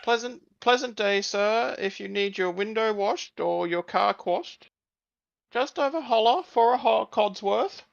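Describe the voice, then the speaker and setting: A man's voice: high voice, unhurried, gravelly, highs cut off, pitched above the performer's own voice. A man voicing an overly polite male robot butler with a fussy, formal manner. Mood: cheery.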